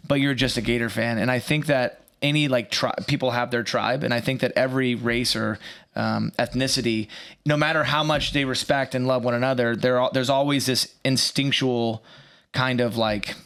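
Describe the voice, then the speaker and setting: A young man musing on a podcast, rambling in halting, self-correcting sentences. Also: mid-range voice, fairly even intonation, a bit bright, clean tone. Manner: rambling, halting, with many fillers and restarts. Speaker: podcast co-host. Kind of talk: casual podcast chat.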